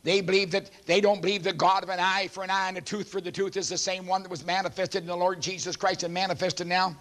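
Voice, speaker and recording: A man in his seventies, a pastor preaching a sermon emphatically and clearing his throat often. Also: high voice, level tone, fast talker, fairly bright tone. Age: 70s.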